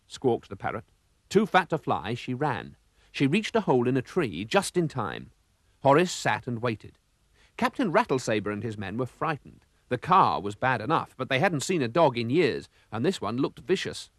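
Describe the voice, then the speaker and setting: A man narrating a storybook cartoon with a lively, expressive storytelling manner. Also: medium pitch, moderate pace, no echo, studio quality.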